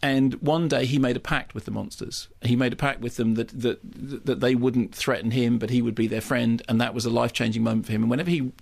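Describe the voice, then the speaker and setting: A man reviewing a film in a radio studio. He talks animatedly, restarting sentences and repeating words as he builds an argument. His voice is mid-pitched with a gravelly fry. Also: steady tone, fast, few pauses, darkish tone. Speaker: film critic.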